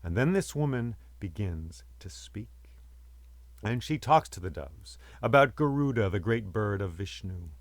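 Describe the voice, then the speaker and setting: A man's voice: on the low side, lively intonation, measured pace, no echo. A man telling a myth aloud as a storyteller, with rhythmic, repeating phrases. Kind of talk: oral storytelling of myths.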